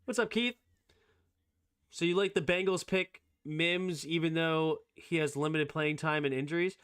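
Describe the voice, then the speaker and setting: A fairly high-voiced man hosts a loose, live sports talk stream. He reacts fast and excitedly, throwing out strong opinions as things happen. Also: clear, resonant tone. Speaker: streamer host.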